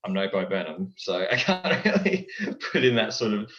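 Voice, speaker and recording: A young man chatting casually as a guest in an interview, lively and dropping into character voices. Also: on the low side, normal speed. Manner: animated, breaks into character voices. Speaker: guest, impressionist. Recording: dull, echoey recording.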